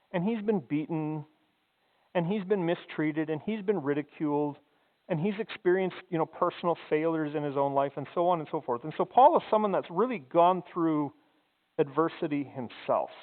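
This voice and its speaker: Conversational pastor, tinny sound in a hall. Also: male voice, on the high side, moderate pace. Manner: conversational, repeats words while thinking. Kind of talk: sermon. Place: church sanctuary. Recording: phone-like sound in a long-reverb hall.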